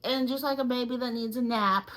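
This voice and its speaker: Animated, fairly high-voiced young woman. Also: brisk, poor audio. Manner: animated, lots of "like" fillers. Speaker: podcast co-host. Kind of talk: casual podcast storytelling.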